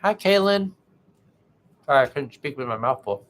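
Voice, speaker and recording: A man hosting a tarot livestream, chatting casually and haltingly with viewers and greeting them by name. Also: mid-range voice, fairly even intonation, a bit bright.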